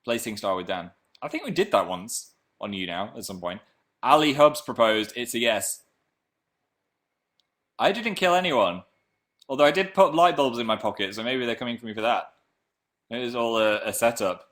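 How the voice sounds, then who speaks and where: A man casually chatting on a livestream and reading viewer comments. He rambles and jokes, and his pitch and volume jump suddenly when he gets excited. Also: moderate pace, long pauses. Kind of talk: casual chat.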